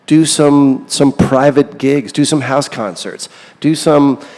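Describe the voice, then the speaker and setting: A man's voice: mid-range voice, slow pace, darkish tone, in a large hall. A middle-aged man, a songwriter being interviewed, talking candidly and rambling, with a self-deprecating streak. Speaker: songwriter guest. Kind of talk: casual interview.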